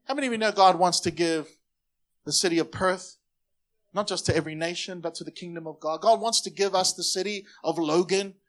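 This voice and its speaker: Speaking briskly in a high, bright voice, a pastor delivers an energetic, lively sermon. He addresses the congregation directly and calls on them to repeat his phrases back to him.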